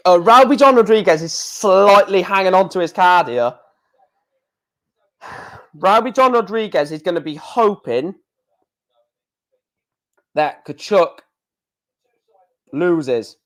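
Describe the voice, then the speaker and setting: A man calls darts scores on his live stream at an unhurried pace, his voice sitting a little high. His talk is chatty and exclamatory, with mild swearing between results. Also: lively intonation.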